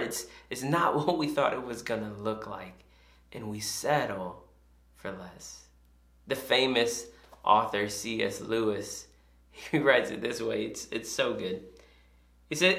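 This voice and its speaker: A man's voice: medium pitch, creaky, a bit bright, reverberant. A man preaching a sermon as pastor, impassioned and emphatic, driving his points home with repeated phrases.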